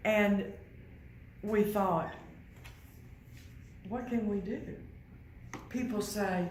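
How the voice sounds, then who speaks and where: An older woman giving a quiet, measured personal testimony as guest speaker at a university. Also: medium pitch, echoey room, slight background noise, rough recording. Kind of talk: personal testimony to a live audience. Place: university hall.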